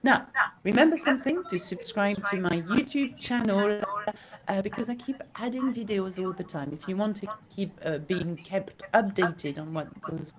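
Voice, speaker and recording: A woman teaching a French lesson, speaking slowly and checking in with the listener often. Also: mid-range voice, a crowd in the background, rough recording. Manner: slow, teacherly, often asks okay. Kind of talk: recorded language lesson.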